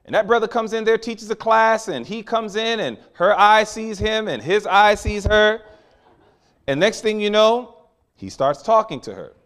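Animated preacher with a lively voice. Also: male voice, sits high, normal speed. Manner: animated, storytelling with acted quotes and sudden loud peaks. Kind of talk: sermon.

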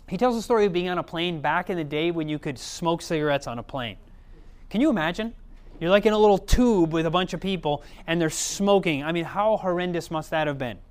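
Smooth-voiced male preacher. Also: fairly high pitch. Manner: conversational, checks in with the audience often. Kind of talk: sermon.

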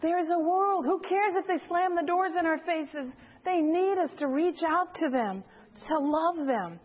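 A woman's voice: very high voice, a little slow, lo-fi sound. A woman from a church group telling a personal story to an audience, acting out the voices of the people in it. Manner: animated storytelling, acts out quoted voices. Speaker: church member giving a testimony.

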